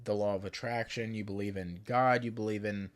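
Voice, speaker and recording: A man's voice: on the low side, fairly even intonation, fairly quick. A man hosting a podcast, musing in a loose, reflective way with plenty of "like". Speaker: podcast host. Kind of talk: casual podcast conversation.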